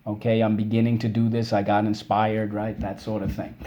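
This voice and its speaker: A man teaching a recorded spelling lesson for children, upbeat and encouraging, drawing out syllables slowly as he drills words. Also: on the low side, completely flat delivery, mellow, lo-fi sound.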